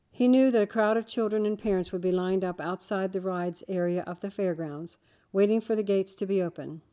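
A woman reading a children's story aloud, with steady, gentle storytelling. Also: medium pitch, a little fast. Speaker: narrator.

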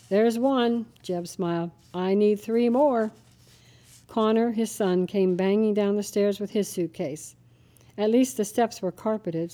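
A woman reads a devotional story aloud in a steady, scripted narration. Her voice is mellow and dark in tone, sitting at a middle pitch. She gives the characters' lines a light lift without fully acting them.

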